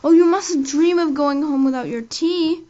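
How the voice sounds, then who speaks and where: A woman's voice: on the high side, fairly even intonation, normal speed, darkish tone, lightly acted. A woman reading the part of an imaginative, chatty young girl who tells her mishaps breathlessly and dramatically. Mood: pleading. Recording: dull lo-fi audio.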